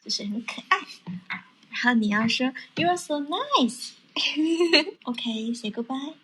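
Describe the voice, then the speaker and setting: A woman's voice: high-pitched, sing-song, a little slow, bright, forceful tone, a little hiss or hum, poor audio. A woman calling in with her young son, nervous and giggly, talking hesitantly. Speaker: caller, mother. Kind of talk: casual chat.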